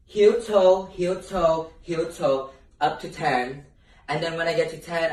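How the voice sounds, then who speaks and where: A young man telling a brash, profane story in a sassy storytime vlog. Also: on the high side. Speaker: vlogger. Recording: roomy echo.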